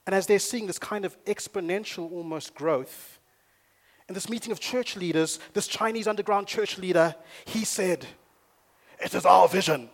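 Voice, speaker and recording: Energetic preaching man, rather high voice. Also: moderate pace. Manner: energetic, storytelling, rising to loud emphasis. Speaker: pastor. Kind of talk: sermon. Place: church in Nairobi.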